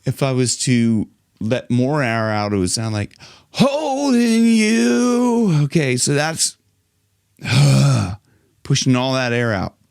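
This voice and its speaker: A man's voice: mid-range voice, normal speed, clear, resonant tone, no echo, studio quality. A middle-aged man from Ohio, a vocal coach who talks casually, restarts sentences often and breaks into sung and gasping demonstrations. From Ohio, United States.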